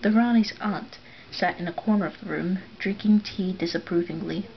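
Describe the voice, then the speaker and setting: A woman reading a story aloud, softly and often near a whisper. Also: fairly low pitch, moderate pace, muffled recording. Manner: soft, often drops to a whisper for narration.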